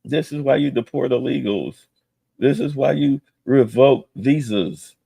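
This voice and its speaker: A man's voice: medium pitch, a little slow, vocal fry, dark tone, husky, no room sound, clean studio sound. A man streaming heated, profane political commentary with a mocking edge.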